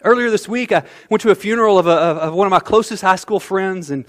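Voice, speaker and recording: A man preaching a sermon as pastor, animated, swinging from quiet asides to loud outbursts. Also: high voice, fast. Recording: long hall reverb.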